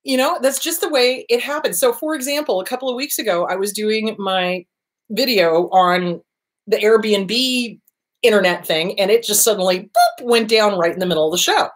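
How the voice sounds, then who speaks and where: A woman's voice: medium pitch, moderate pace. A middle-aged woman therapist hosting an advice talk, speaking casually and animatedly, acting out little voices and gasps to make her points. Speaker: therapist and show host.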